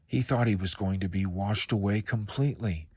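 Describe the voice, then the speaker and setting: A man reads a children's picture book aloud, calm and measured like a storyteller. His voice is fairly low with a breathy edge, and there's no echo.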